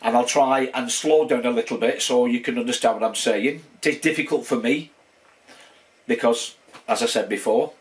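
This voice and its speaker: A man's voice: medium pitch, normal speed. Sixty-something man with a Wigan accent. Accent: Wigan, northern English. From northwest England. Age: 60s. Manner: rambling, with many fillers and restarts. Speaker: channel host. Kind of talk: casual channel update.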